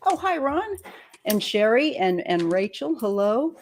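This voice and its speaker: A woman's voice: fairly high pitch, very animated, a little slow, a little hiss or hum. A woman in her fifties hosting a live-stream chat from home, talking casually and restarting her sentences often. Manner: chatty, trailing off and restarting. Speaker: tarot channel host.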